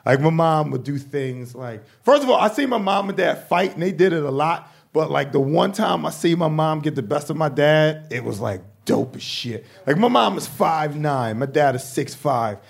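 A young adult man doing stand-up comedy, telling animated, profane stories. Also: fairly high pitch, moderate pace, gravelly, hardly any pauses.

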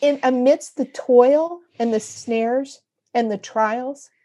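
A woman guest telling a personal story in an earnest, emotional way, halting and restarting as she goes. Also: on the high side, warm tone. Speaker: podcast guest.

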